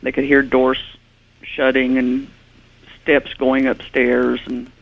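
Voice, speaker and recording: A woman's voice: very deep voice, monotone, takes it slowly, vocal fry. A woman investigating hauntings, a guest on a radio show, earnestly explaining her evidence. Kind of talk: radio interview. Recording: tinny phone line.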